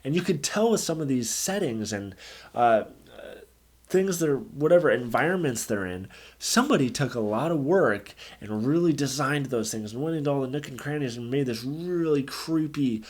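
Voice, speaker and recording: A male movie reviewer delivers an angry, exasperated rant, swearing freely. His voice sits at an ordinary mid pitch. He sounds fed up throughout. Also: animated, normal speed, breathy edge. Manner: angry, profane, exasperated ranting. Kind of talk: ranting film review.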